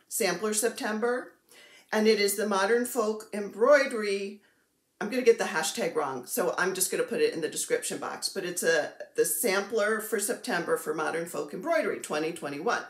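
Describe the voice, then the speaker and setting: A woman's voice: mid-range voice, moderate pace, roomy sound. A woman vlogging casually about her cross-stitch projects, chatty and self-deprecating, gushing over the supplies she shows. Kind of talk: casual chatty show-and-tell.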